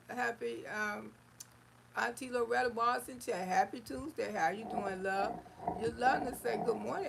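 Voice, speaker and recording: Gravelly woman chatting live. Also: on the high side, a little hiss or hum, rough recording. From Florida, US. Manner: folksy and affectionate, calls listeners honey, sugar and baby. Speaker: livestream host. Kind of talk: casual livestream chat reading viewer comments.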